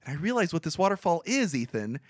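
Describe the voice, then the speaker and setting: A man co-hosting a podcast, casually retelling a movie plot in a rambling, animated way, full of fillers. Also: on the high side, quick pace, no room sound, clean studio sound. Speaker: podcast co-host.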